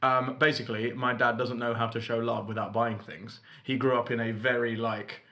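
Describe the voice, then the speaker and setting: Young man, podcast co-host, bright voice, mid-pitched, casual chat, animated storytelling. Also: normal speed. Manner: animated storytelling, acting out quotes.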